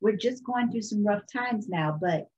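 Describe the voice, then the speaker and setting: A woman voicing a loving, firm mother of two boys who speaks low and soothing. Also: measured pace, a little mellow, lo-fi sound, lightly acted.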